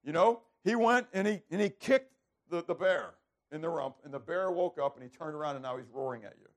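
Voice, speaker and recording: A man's voice: on the high side, fairly quick. A man preaching a sermon who keeps asking the listeners questions and answering them himself, often repeating words as he starts over. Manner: animated, asks rhetorical questions and answers them. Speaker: preacher teaching a Bible passage.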